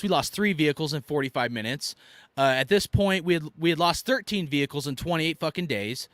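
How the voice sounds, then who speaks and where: A man in his thirties telling war stories in a blunt, profane rant, swinging from loud outbursts to low muttered asides. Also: dry recording. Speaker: army veteran commentator.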